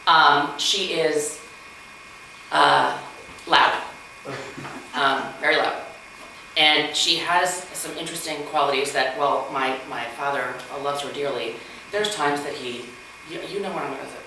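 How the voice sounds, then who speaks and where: Woman comic in her forties, low-pitched, chatty with fillers, very echoey room, far from mic. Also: measured pace, pauses often, sharp tone, slight background noise. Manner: chatty, self-deprecating, full of fillers and acted-out quotes. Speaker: stand-up comedian. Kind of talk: open mic stand-up. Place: mansion room at an open mic.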